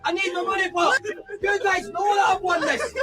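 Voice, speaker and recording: A crazy, foul-mouthed Scotsman rants and threatens in a piercing, high voice. His swearing is shrill, and loud music plays under him. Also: little pitch movement, normal speed. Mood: threatening. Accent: put-on Scottish.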